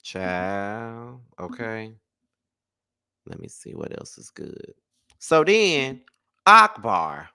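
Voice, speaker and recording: Man, gravelly voice, sharp bright tone, blunt sassy gossip commentary, dry close sound. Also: fairly low pitch, wildly swooping pitch, extremely slow, long pauses, no echo.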